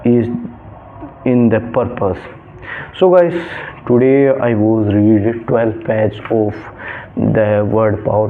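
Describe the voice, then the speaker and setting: Slow, gravelly man reading words aloud. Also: lowish voice, a little hiss or hum. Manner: slow, careful, repeats each word. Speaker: English learner vlogger. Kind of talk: reading a pronunciation list aloud. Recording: tinny phone-like audio.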